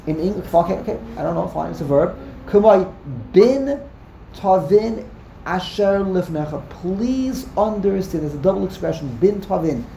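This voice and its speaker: Guy teaching a study class, low gravelly voice, keeps repeating himself, roomy echo. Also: animated, normal speed, warm tone, slight background noise. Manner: emphatic, repeats words and restarts often. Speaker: Torah teacher. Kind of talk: text-study class lecture.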